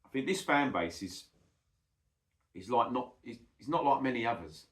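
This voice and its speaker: A man's voice: medium pitch, animated, moderate pace, a bit bright. A middle-aged man, ranting bluntly and swearing a lot in a casual monologue, calling the listener "mate". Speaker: football vlogger. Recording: echoey room.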